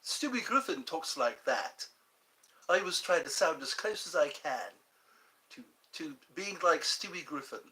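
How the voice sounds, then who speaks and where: A man's voice: on the high side, very animated, a little slow, sharp tone. A man hosting a livestream, chatting casually and rambling with frequent chuckles. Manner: chuckling, drifting between impressions. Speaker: livestream host.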